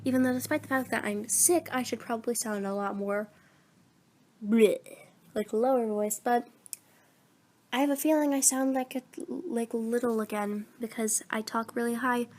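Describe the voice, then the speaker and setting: Talking into her phone while sick, a teenage voice-acting vlogger, fourteen years old, wanders from thought to thought about making her videos and pokes fun at herself. Her voice is on the high side and darkish, at a moderate pace.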